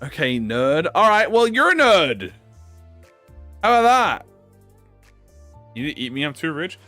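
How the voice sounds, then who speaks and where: High-pitched man, very animated, excitable sweary story-time chat, dry close sound, faint music behind. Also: measured pace, no echo. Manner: excitable, heavy swearing, restarts mid-sentence. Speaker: gaming YouTuber.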